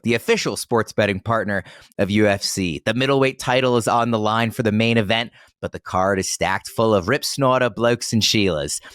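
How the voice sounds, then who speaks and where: A man's voice: a bit bright, smooth, no room sound, clean studio sound, natural voice. A man putting on an exaggerated Australian accent to voice a sportsbook announcer who reads an ad full of slang. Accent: put-on Australian. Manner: exaggerated slang-heavy pitchman read.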